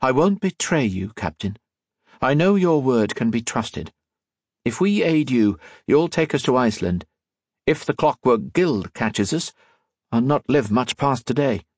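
A man voicing a bold, defiant young woman in an audiobook, speaking higher and earnestly. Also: very animated, a little slow, dry recording, clean studio sound. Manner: raised pitch, earnest pleading.

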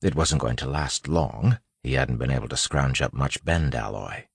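A man reading an audiobook narration in a measured way. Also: extremely low pitch, vocal fry, husky, no echo.

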